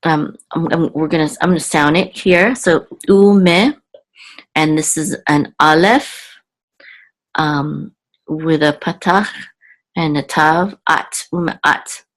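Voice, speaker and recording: On a low-quality recording, a woman teaching Hebrew goes word by word, her low voice steady and fairly bright. Her delivery is slow and halting, full of ums, thinking aloud, and mid-sentence self-corrections.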